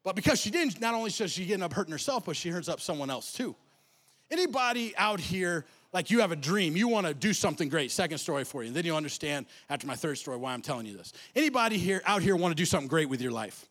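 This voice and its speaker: A man giving a comic motivational talk, telling stories with animated, slangy delivery. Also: on the high side, fast. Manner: animated storytelling, casual slang. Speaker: motivational speaker. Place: festival stage.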